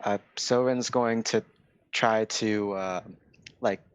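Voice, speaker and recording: A man playing a tabletop game casually, thinking aloud with hesitant pauses. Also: fairly low pitch, fairly even intonation, clear, resonant tone, dry recording. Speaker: player.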